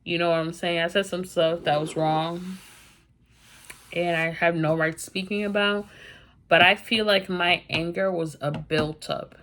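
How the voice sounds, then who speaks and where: A woman's voice: lowish voice, steady tone, measured pace, fairly bright tone. A young woman vlogger telling a personal story, candid and emphatic, in a casual storytime vlog.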